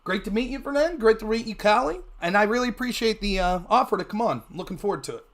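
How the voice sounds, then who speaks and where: Talking at a quick pace, this guest political commentator is animated throughout a casual interview. His greetings come with sharp upward leaps in pitch.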